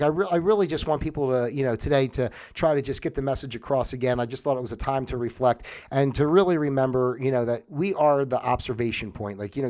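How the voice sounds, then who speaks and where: A man's voice: medium pitch, a little mellow. A middle-aged man hosting a livestream, talking in a rambling casual monologue full of fillers and restarts. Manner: mocks a newscaster in a put-on solemn voice. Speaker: livestream host.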